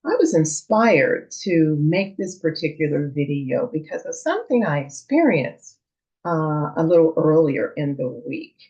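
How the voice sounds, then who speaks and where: Low-voiced woman telling a parenting story. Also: a little slow. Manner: earnest, calm retelling with quoted dialogue. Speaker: parenting channel host. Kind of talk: storytelling monologue. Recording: dull lo-fi sound.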